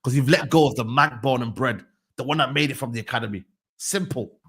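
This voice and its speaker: A man's voice: medium pitch, brisk, a bit bright, breathy edge. A man on a football chat panel, talking emphatically and repeating his points. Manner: emphatic, slangy, repeats himself. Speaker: regular panelist.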